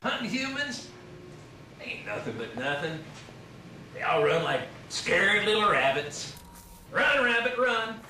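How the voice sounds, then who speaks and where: A man's voice: high voice, sing-song, sharp tone, full character voice. Taunting carnival showman. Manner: taunting, drawn-out sing-song. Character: menacing carnival showman, older man. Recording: echoey movie clip, distant, noisy.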